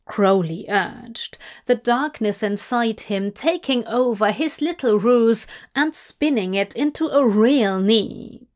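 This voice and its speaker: A woman narrating fan fiction as an audiobook reading, measured and deliberate. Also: on the high side.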